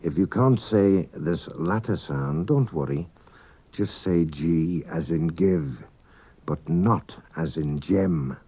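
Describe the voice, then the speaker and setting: A man teaches a language lesson over the radio, taking his time and speaking in a deep, low register. Every word is pronounced with slow precision. The sound is dull and lo-fi, like an old 1980s broadcast. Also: warm tone, slightly rough. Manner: slow, careful, precise pronunciation.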